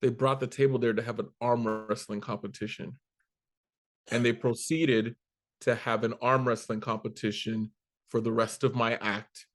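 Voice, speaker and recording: Canadian comic, male, mid-pitched, guest on a chat show, storyteller who acts out every character. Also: moderate pace. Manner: animated, acts out quoted voices, swears casually. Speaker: guest comedian. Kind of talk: storytelling in casual interview.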